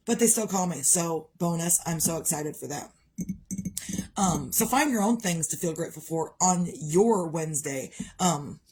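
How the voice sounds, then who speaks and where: A woman's voice: on the low side, a little mellow, slightly rough. A middle-aged woman talking casually in a daily vlog, chatty and rambling, laughing at her own jokes. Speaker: vlogger.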